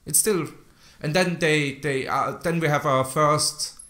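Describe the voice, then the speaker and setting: A man's voice: a little high, steady tone, unhurried, sharp tone. A man hosting a podcast in casual chat, rambling and joking, often trailing off mid-sentence. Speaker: podcast host.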